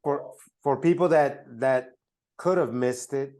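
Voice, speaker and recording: A man hosting a podcast, asking questions in a halting, hesitant way. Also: mid-range voice, darkish tone. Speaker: podcast host. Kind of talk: interview questions.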